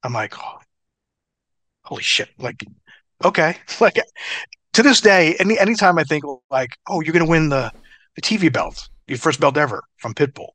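A man's voice: fairly high pitch, moderate pace, long pauses, no room sound. A middle-aged man, a former wrestler, telling stories in a casual interview, swearing often and laughing between bits. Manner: profane, laughing, animated storyteller. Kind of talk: casual storytelling.

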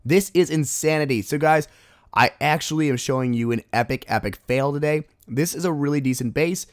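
Excitable man doing casual game commentary. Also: a little high, fairly quick, no echo, clean studio sound. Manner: excitable, exclaims at game moments. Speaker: gaming video host.

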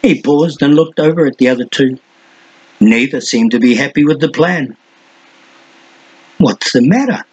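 A man reading a fantasy novel aloud as an audiobook narrator, in a steady, measured way. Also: mid-range voice, slightly rough, muffled recording.

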